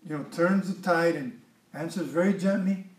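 High-voiced preacher in an echoey room. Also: male voice, moderate pace, recorded from a distance. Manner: conversational preaching with repeated words and asides. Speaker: pastor. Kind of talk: sermon.

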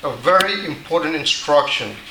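A man's voice: on the high side, expressive, moderate pace, sharp tone, echoey room, a little hiss or hum, low-quality recording. A man preaching a sermon, teaching patiently and often restarting his sentences. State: dry mouth. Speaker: pastor.

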